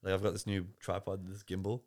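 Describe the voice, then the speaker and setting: An Australian man talks as a guest on a podcast, with lots of "like"s and restarts. His voice sits on the low side and he rattles along at a quick clip. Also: little pitch movement, a little mellow. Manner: chatty, rambling with many fillers and restarts. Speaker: podcast guest, barista and coffee creator. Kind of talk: casual interview chat.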